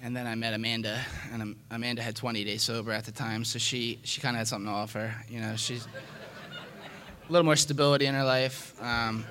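A man's voice: medium pitch, steady tone, brisk, bright, forceful tone, a little hiss or hum. A man telling his recovery story in a frank, self-mocking way, often dropping "man" and restarting his sentences. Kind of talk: candid personal testimony.

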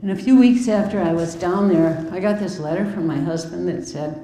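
A woman in her fifties tells her recovery story with candid, wry warmth, her voice low and mellow. She speaks in an echoey room with faint ambient noise behind her. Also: moderate pace. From Milwaukee, US Midwest. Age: 50s. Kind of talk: personal recovery testimony.

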